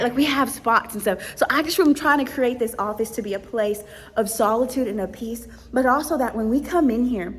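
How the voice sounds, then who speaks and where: A young woman vlogging in an empty office, talking fervently about her ministry with quiet prayerful asides. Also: fairly high pitch. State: out of breath. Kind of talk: casual inspirational vlog talk. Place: empty office room, indoors. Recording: long room reverb.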